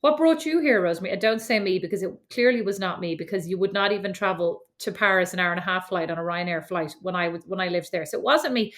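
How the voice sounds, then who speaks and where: A woman with an Irish accent co-hosting a podcast in casual chat, animated and argumentative. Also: on the low side, fast talker, hardly any pauses. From Ireland. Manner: animated, argumentative, laughs easily. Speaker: podcast co-host.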